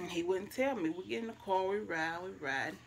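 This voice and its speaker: A woman's voice: medium pitch, normal speed, vocal fry, a bit bright, slight background noise. A young woman, telling a personal story casually and emotionally, with her voice often dropping to near-whispers. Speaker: vlogger.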